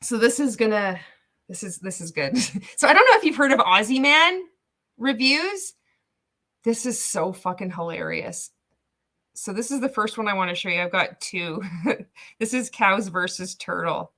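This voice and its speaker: A woman hosting a casual livestream reaction, talking to her viewers in a chatty way. She laughs often and her voice sits at an ordinary middle pitch. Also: animated, normal speed, sharp tone. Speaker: host.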